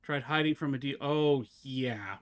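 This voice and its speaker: A man live-streaming a game, chatting casually with his viewers as he plays, talking fast and slurring his words together. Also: medium pitch. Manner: chatty, talks to chat while fiddling with settings. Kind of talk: casual live-stream chat while gaming.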